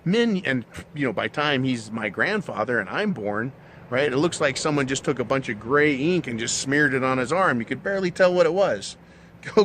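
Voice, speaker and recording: A man's voice: medium pitch, expressive, normal speed, a bit bright, slight background noise. A middle-aged man talking in a casual monologue, blunt and profane, ranting with mocking asides. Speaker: channel host.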